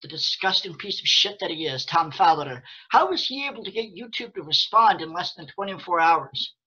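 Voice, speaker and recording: A man's voice: high voice, expressive, moderate pace, bright, forceful tone, slightly rough, dull audio. A man ranting angrily and sarcastically to his viewers, swearing often and restarting his sentences. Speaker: vlogger. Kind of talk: angry rant to camera.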